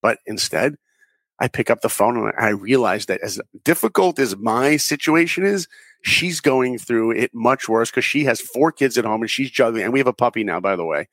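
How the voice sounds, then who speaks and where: A man in his forties, an interview guest who tells animated stories and acts out the dialogue in them. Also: mid-range voice, normal speed, no room sound. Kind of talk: conversational storytelling.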